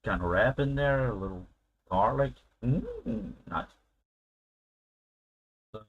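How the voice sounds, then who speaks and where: A man talking slowly and easily in a casual live stream. He chats with viewers in a loose, rambling way and laughs often. His pitch sits in an ordinary middle range. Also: huge pitch swings, creaky, muffled recording. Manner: chatty, laughs often, answers viewer chat aloud.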